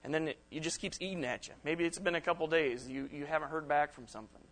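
A middle-aged man gives a sermon to young people at a camp. He keeps it chatty and acts out the texts and comebacks he describes. His voice sits a little high for a man. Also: fast, a bit bright. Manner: conversational, acts out quoted texts and reactions. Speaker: preacher.

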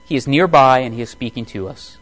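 A man preaching a sermon in a measured, deliberate way, slowly reading scripture passages aloud and explaining them. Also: medium pitch, fairly bright tone, rough recording. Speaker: pastor.

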